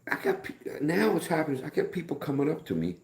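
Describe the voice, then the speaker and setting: A middle-aged man hosting a casual live stream, rambling in a folksy way, greeting viewers by name and speaking softer than usual. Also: on the high side, sing-song, fast talker, reverberant.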